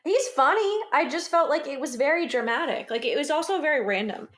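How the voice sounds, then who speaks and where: A woman's voice: high voice, expressive, a loud crowd. A young adult woman co-hosting a film podcast, chatting casually and reacting readily. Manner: quick to laugh, reactive, casual. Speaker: podcast co-host. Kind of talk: casual chat.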